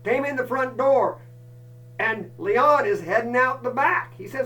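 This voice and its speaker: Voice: medium pitch, measured pace, a bit bright, far from the mic, rough recording. A storyteller telling a folk campfire tale, folksy and chatty, with asides to the listeners.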